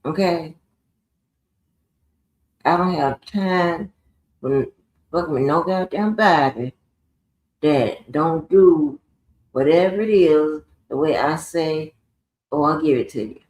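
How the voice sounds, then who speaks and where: A woman's voice: low voice, takes it slowly, pauses often, a little mellow. A woman hosting a live stream, ranting in a profane, confrontational monologue. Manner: profane, confrontational, swears heavily. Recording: roomy echoey room.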